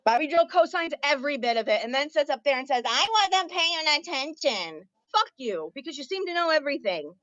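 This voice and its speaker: A woman's voice: high voice, big pitch swings, fast talker, few pauses, a bit bright, dry recording, lo-fi sound. A woman ranting angrily and profanely on her livestream, confronting her viewers head-on. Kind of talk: angry livestream rant.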